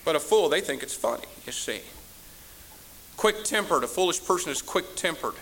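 A man preaching a sermon as pastor, scolding his congregation and rising to shouts. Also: on the high side, animated, normal speed, a little hiss or hum.

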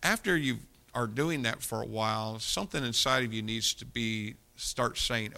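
A male pastor delivers a sermon in a bright, forceful voice with a gravelly fry underneath. He mixes scripture reading with plain, folksy talk aimed at his listeners. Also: mid-range voice, normal speed, few pauses.

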